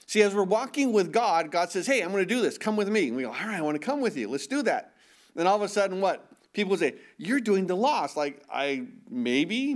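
A man preaching a sermon in an earnest way, often repeating himself and asking the audience questions. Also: fairly high pitch.

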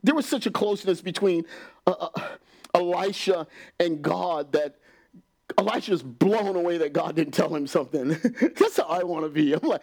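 Male preacher, sermon in church, slightly high voice, animated, chuckles, acts out quotes, whispers at times. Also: normal speed.

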